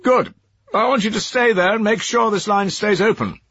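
A man's voice: low voice, wildly swooping pitch, moderate pace, breathy edge, no echo, lo-fi sound, heavily acted. A man voicing a tense male civil servant who speaks in a clipped, restrained way. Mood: strained.

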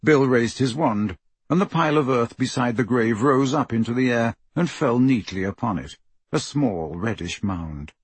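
A man reading an audiobook in a slow, measured narration. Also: mid-range voice, expressive, slightly rough, dry recording. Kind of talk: scripted narration.

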